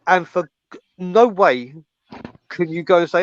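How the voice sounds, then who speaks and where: Tired man, fairly high voice. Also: measured pace, long pauses, muffled recording. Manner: tongue-tied, laughs at himself, swears. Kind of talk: casual fan chat.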